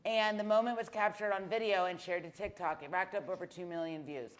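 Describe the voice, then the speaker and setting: A woman co-hosting a casual talk show, reading news stories and jumping in with quick reactions. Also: lowish voice, steady tone. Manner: chatty, reads news stories, jumps in with reactions. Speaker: co-host.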